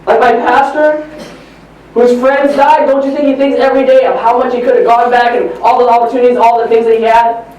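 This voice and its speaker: A man giving a live motivational talk, telling stories in an animated, preachy way at a training event in a large hall. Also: extremely high pitch, a little fast. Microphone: far from the recording mic. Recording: echoey hall from far off.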